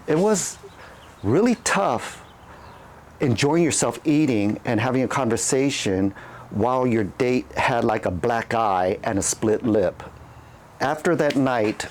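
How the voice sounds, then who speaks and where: Guy telling a wild story off the cuff, rambly, repeats himself, middle pitch. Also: darkish tone, a little hiss or hum. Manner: rambling, candid, with repeated words and restarts. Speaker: channel host. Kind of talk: casual personal storytelling.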